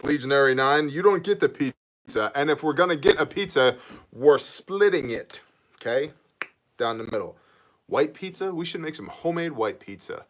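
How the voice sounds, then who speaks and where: A man hosts a casual live stream, greeting viewers and joking as he reads out comments. His pitch leaps around in lively swings. His tone is bright and forceful. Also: moderate pace. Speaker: livestream host reading viewer comments.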